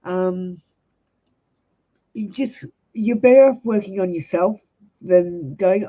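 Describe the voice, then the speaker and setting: A woman's voice: on the low side, takes it slowly, long pauses, dark tone, lo-fi sound. A young Australian woman reading tarot live for viewers, giving blunt, direct advice. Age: young adult. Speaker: tarot reader.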